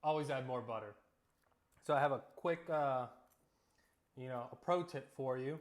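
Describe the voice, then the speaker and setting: A man's voice: mid-range voice, moderate pace. Easygoing man telling stories while cooking. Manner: relaxed storytelling with jokes. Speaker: cooking vlogger. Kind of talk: casual cooking vlog.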